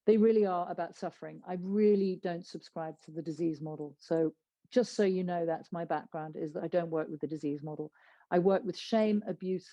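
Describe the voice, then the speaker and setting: A woman with a lowish, warm voice leads a yoga class, calm and deliberate as she talks students through breath holds and body locks. She is a therapist, and her gentle delivery sometimes sinks to a soft whisper. The sound is close and dry, with no room around it. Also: dry recording. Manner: slow, soothing instructions, drops to soft whispers.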